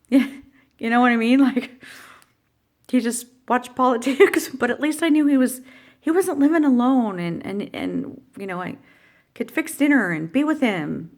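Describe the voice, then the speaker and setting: A woman's voice: a little high, lively intonation, a little slow, darkish tone. A middle-aged woman telling a heartfelt personal story in a vlog, rambling and emotional, with many fillers and restarts. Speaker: vlogger.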